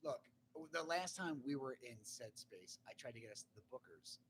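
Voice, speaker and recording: A man's voice: medium pitch, expressive, normal speed, a bit bright, husky, poor audio. A man co-hosting a casual podcast chat, joking and stammering at the start of lines.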